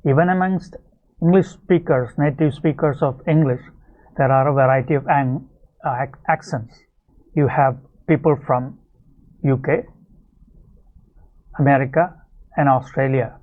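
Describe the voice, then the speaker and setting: A man teaching an English video lesson, explaining clearly and speaking straight to his viewers. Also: medium pitch, measured pace, pauses often. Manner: explanatory, addresses viewers directly. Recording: tinny phone-like sound.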